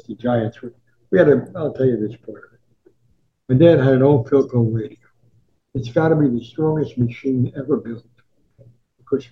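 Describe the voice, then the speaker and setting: A man's voice: medium pitch, vocal fry, dull audio. A man in his nineties from New Jersey, telling old anecdotes and acting out the voices of people he quotes. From Newark, New Jersey, USA. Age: 90s. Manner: animated storyteller who acts out quoted voices. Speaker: sportswriter guest. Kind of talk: anecdotal storytelling.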